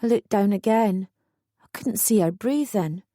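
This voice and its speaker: A woman's voice: mid-range voice, unhurried, dark tone, no echo, clean studio sound. Woman reading an emotional memoir. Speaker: audiobook narrator. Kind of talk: scripted first-person narration.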